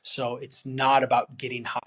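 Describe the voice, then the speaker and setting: A man's voice: medium pitch, completely flat delivery, normal speed, a bit bright. A man talking candidly as a podcast guest and veteran, earnest and plain-spoken, acting out his friends' words as he tells the story. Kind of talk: candid interview conversation.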